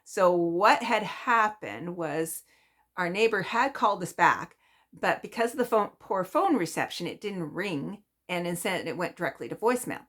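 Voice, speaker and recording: A woman vlogger telling a story in a chatty, animated way, often laughing. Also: lowish voice, normal speed. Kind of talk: casual storytelling.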